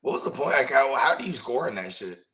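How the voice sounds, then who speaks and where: A man's voice: mid-range voice, lively intonation, fast, a bit bright, poor audio. A man co-hosting a podcast, telling long stories in casual, profane chat full of slang. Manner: profane, rambling storyteller with slang. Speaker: co-host.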